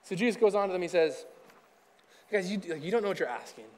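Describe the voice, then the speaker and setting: A male pastor preaches in a relaxed, conversational way and slips into quick acted-out bits of dialogue. He talks fast in a fairly high voice. A long reverb from a big church auditorium trails behind his words. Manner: chatty, acts out dialogue in quick asides. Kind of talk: casual conversational sermon.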